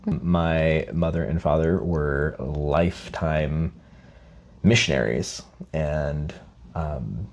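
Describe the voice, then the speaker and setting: A man with a very low voice talks through his past in a relaxed podcast chat. He is reflective and unhurried. He comes from Scotland. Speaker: podcast co-host and guest. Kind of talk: casual podcast conversation.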